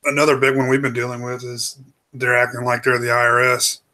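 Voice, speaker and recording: Bright-voiced man in blunt banter. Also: medium pitch, little pitch movement, brisk. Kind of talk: casual chat.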